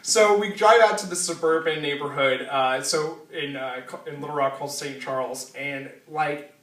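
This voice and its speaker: A man's voice: fairly high pitch, normal speed, fairly bright tone, reverberant, far from the mic, poor audio. A man telling a funny personal story live, casual and laughing, with lots of fillers and swearing.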